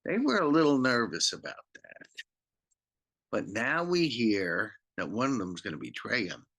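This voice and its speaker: Animated pastor telling a children's Bible story, slow and bright. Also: male voice, mid-range voice. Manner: animated, slow, acts out the characters.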